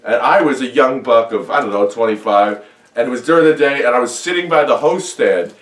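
A middle-aged man in casual film chat, animated and profane, acting out scenes and telling a story. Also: medium pitch, brisk. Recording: roomy echo, somewhat far from mic.

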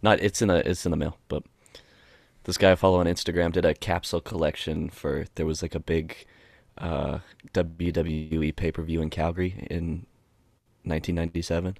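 A man's voice: sits low, level tone, normal speed, creaky, a little mellow, no echo. A man co-hosting a podcast in casual chat, laid-back and joking, often laughing. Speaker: podcast co-host.

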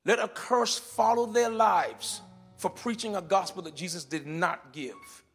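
A man preaching a sermon in a church, moving between shouted declarations and quiet teaching, often repeating words as he explains. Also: high-pitched, measured pace, faint music behind. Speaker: pastor. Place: church sanctuary.

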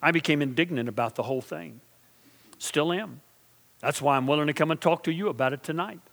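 A middle-aged male pastor preaching a sermon, asking his congregation questions and swinging from quiet, slow intensity to loud, emphatic build-ups. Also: on the high side, vocal fry, in a large hall. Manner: preaching with call-and-response asides to the congregation.

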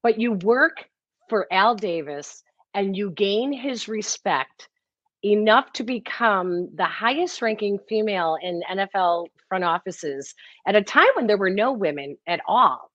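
A woman interviewer asking questions in an animated, openly reacting conversational way. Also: medium pitch, measured pace, dry recording. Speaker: interviewer, host. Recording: dull lo-fi audio.

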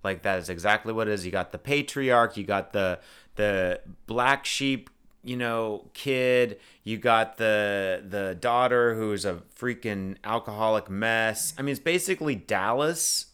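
Smooth-voiced man, casual podcast co-host. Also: on the low side, a little slow, fairly bright tone. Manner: enthusiastic, recommends shows emphatically. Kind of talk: casual chat.

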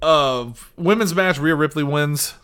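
A man's voice: on the high side, unhurried, a bit bright, clean tone. A young man co-hosting a casual podcast, blunt and sweary, given to mock-angry rants. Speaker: podcast co-host. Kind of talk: casual wrestling chat.

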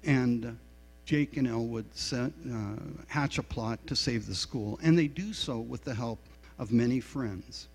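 Middle-aged guy preaching, slow and kinda gravelly, big echoey church with a hum underneath. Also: mid-range voice. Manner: confessional, self-deprecating storytelling. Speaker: pastor. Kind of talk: sermon. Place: church sanctuary. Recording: reverberant hall with mains hum.

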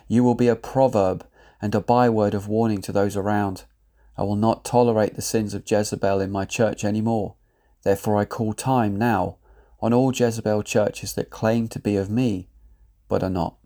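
A man, solemnly reading out a prophetic word in a measured, grave, declamatory way. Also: fairly low pitch, mellow. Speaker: lay prophet.

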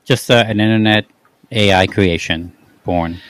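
A man with a lowish voice hosting a casual podcast, easygoing and a little wry. He steers the talk with questions. His voice sounds close and dry. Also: measured pace, fairly bright tone, no echo. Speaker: podcast host. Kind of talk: casual chat.

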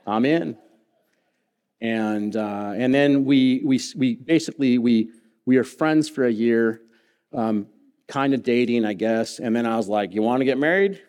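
A man's voice: mid-range voice, unhurried, clean tone. Earnest storytelling pastor, a man. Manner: personal storytelling with humor, earnest and animated. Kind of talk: sermon. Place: church sanctuary.

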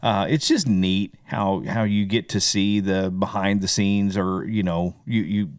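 An easygoing male musician co-hosts a casual podcast chat, drifting from point to point in a rambling way. His voice sits a little low. The sound is dry and close, with no room around it. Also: a little slow, clean tone, dry recording.

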